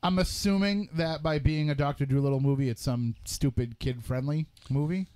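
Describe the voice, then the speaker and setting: A man's voice: on the high side, normal speed, darkish tone, smooth. Wry, opinionated man in podcast banter. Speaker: podcast co-host. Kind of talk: casual chat.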